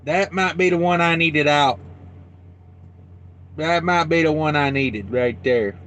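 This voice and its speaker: A man truck driver on a casual live-stream vlog, talking loosely into a phone as he walks outdoors at a cold storage yard and answers viewer chat with lots of fillers. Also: a little high. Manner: loose, chatty, thinks aloud with many fillers. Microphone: phone held while walking. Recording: loud running refrigeration units and vehicle noise outdoors.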